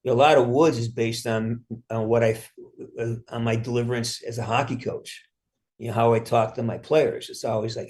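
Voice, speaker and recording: Middle-aged male actor, interview guest, rambling and profane, ordinary pitch. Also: a little fast, darkish tone. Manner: rambling, frequent restarts, casual swearing. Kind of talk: casual interview answers.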